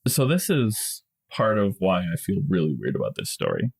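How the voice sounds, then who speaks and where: Low gravelly man explaining on a podcast. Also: wildly swooping pitch, normal speed. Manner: explains at length with small restarts and soft laughs. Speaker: podcast co-host. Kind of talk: casual explanatory podcast chat.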